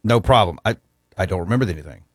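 A man's voice: sits low, lively intonation, fast talker, breathy edge, no room sound, clean studio sound. A man hosting a casual sports talk show, easygoing as he reads out listener texts and chats about college football.

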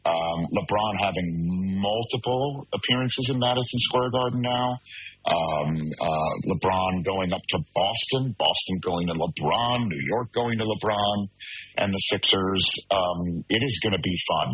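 A man's voice: sits low, a little slow, breathy edge, no room sound. A man, a sports talk host, chatting casually by remote call with many fillers and rambling asides. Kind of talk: casual chat. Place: hallway of a shopping building. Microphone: remote call with weak signal. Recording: dull lo-fi remote call audio.

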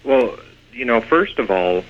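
A man's voice: medium pitch, lively intonation, measured pace. A man investigating hauntings, a radio guest, talking casually and hesitantly with many fillers. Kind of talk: radio interview. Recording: muffled phone line.

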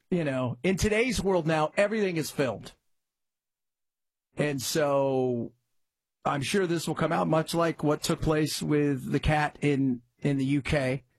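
Husky-voiced male talk radio host. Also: dry recording. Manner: conversational, rambling, jumps up in pitch for emphasis. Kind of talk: casual talk radio commentary. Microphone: studio mic.

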